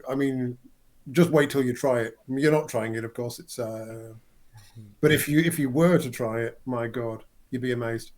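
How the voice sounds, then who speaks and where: A man voicing a proud, educated Welsh male noble, with a Welsh accent and a halting, boastful way of talking. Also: medium pitch, darkish tone, lightly acted. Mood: enthusiastic.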